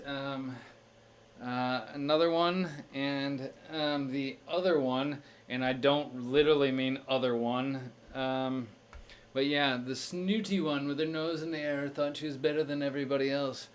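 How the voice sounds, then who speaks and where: A man's voice: on the high side, a little hiss or hum. Rambling man thinking aloud at a crossword. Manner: thinks aloud with many fillers and restarts. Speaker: streamer solving crosswords. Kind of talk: casual live-stream chat.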